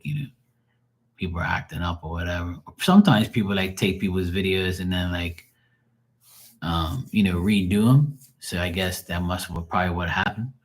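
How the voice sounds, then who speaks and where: A man chatting casually on a livestream, telling rambling, profane stories and laughing often. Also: low voice. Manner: loose, rambling storytelling with heavy slang and profanity. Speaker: streamer doing live tarot reads.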